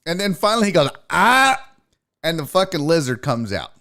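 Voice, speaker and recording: Animated, chatty male show host. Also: quick pace. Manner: animated storytelling, acts out cat and himself in high voices. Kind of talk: casual rambling monologue.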